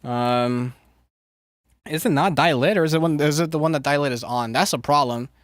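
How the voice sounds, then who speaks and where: A man's voice: fairly high pitch, moderate pace, no room sound, studio quality. A man streaming casually and rambling to his chat, loose and profane, with lots of filler words. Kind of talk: casual chat, answering live chat.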